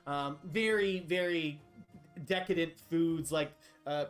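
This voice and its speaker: A man narrates a tabletop game in a loose, chatty way, with lots of fillers and frequent laughs. His voice is slightly high for a man, and faint music plays behind him. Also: takes it slowly. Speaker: game master.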